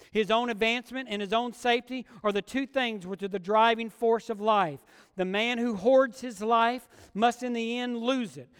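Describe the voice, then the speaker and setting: A man's voice: high-pitched, fairly bright tone, clear, resonant tone, long reverb tail. A man preaching a sermon as pastor, earnest and asking his listeners questions as he reads and explains scripture.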